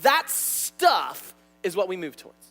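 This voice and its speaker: A young man preaching a sermon in a church, animated and stuttering, often repeating words. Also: high voice, a little slow, faint music behind. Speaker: pastor. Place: church sanctuary.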